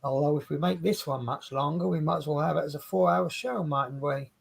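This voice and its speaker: A man's voice: on the high side, brisk, creaky, husky. A man with an English accent co-hosting a casual livestream chat, rambling and chatty and often breaking off mid-sentence. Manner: rambling, chatty, self-interrupting. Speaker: co-host.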